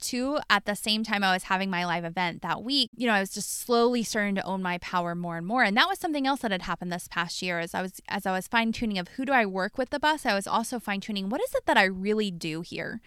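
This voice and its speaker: A woman's voice: mid-range voice, expressive, quick pace, hardly any pauses, fairly bright tone, smooth, no room sound, clean studio sound. A woman hosting her podcast as a coach, telling a personal story in a candid, blunt, profane monologue.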